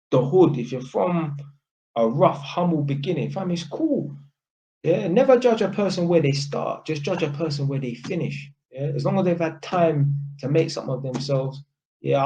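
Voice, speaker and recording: A man's voice: on the high side, a little mellow, muffled recording. A young man with a London accent, talking straight to camera in a blunt, casual monologue full of street slang, swearing and repeated "innit". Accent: London (Multicultural London English). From England. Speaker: vlogger.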